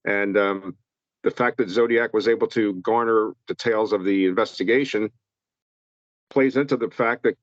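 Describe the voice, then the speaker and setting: A man answering interview questions in a halting way, often repeating words as he thinks. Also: lowish voice, dry recording, lo-fi sound. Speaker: guest, true-crime author.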